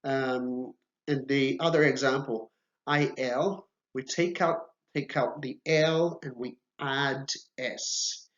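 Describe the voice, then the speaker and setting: Brief: male teacher, slow deliberate delivery, roomy dull-sounding recording. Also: mid-range voice, fairly even intonation, a bit bright. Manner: patient, reassuring, says okay often. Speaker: Portuguese teacher. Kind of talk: slow, deliberate video lesson.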